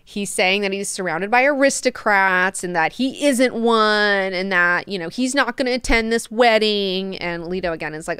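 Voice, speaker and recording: A woman in her thirties hosting a book club, casually recapping chapters in an animated, amused and profane way. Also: medium pitch, normal speed, hardly any pauses, clean tone, dry recording, studio quality.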